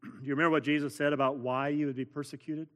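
Pastor, male, slightly high voice, earnest sermon delivery with building emphasis, long hall reverb. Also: flat delivery, quick pace. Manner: earnest preaching with repeated words and rising emphasis.

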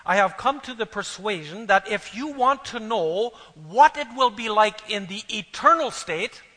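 Preacher, male, high-pitched and bright, earnest sermon delivery, long hall reverb. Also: expressive, unhurried. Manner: earnest, swelling louder on key phrases. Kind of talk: sermon with scripture reading.

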